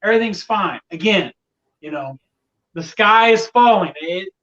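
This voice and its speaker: A man's voice: high voice, lively intonation, unhurried, a bit bright, far from the mic, highs cut off. A man talking casually on a sports podcast, venting with exasperation about fickle fans. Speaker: podcast guest, Colts fan.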